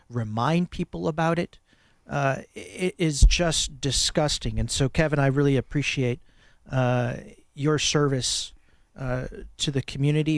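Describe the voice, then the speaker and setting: A man hosting a talk radio show, telling a parable and giving impassioned political commentary with emphatic pauses. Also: on the high side, no room sound. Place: radio studio.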